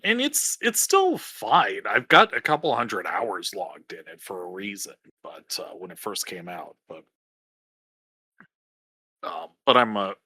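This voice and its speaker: A man's voice: on the low side, pushed and bright, no echo, studio quality. A man co-hosting a podcast in casual chat, rambling and hesitant with many ums. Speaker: podcast co-host.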